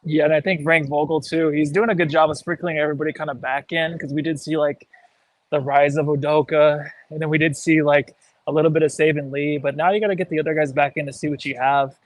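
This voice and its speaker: A man's voice: on the high side, fairly even intonation, fast, no echo, poor audio. A man co-hosting a casual sports podcast, out of breath, easygoing and chatty. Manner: easygoing, chatty, uses "like" and "dude". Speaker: podcast co-host. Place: outdoors, walking.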